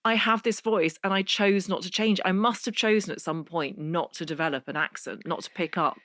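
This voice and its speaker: A woman from Northern Ireland hosting a podcast interview, well-spoken and reflective, asking questions in a measured way. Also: on the low side, fairly bright tone, no room sound, studio quality. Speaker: podcast host.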